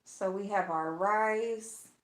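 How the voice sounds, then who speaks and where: A woman's voice: mid-range voice, slow, echoey room, slight background noise. A woman vlogger chatting bluntly with her viewers while cooking at home, gossipy and loose, calling them y'all. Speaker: vlogger talking to her live chat. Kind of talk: casual chat while cooking.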